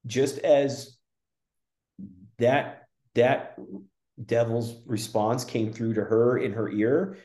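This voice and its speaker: A man's voice: medium pitch, steady tone, drawn-out words, pauses often, mellow. A man talking as a spiritual guest in casual conversation, rambling with frequent restarts and fillers. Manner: rambling, with many restarts and "you know" fillers. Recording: roomy echo.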